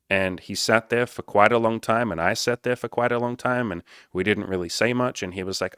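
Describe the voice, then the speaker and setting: A man's voice: lowish voice, brisk, hardly any pauses, clear, resonant tone, no echo, studio quality. A man, a dating and self-improvement coach, telling a candid story to camera in a casual, profane, self-mocking way. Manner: casual, profane, self-mocking, quotes people in lively voices.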